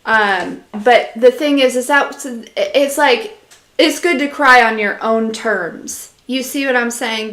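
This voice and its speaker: A woman's voice: fairly high pitch, fairly bright tone, roomy sound. A woman giving a casual live-stream channeled message as an intuitive reader, rambling with lots of fillers, talking straight to her viewers and answering their comments.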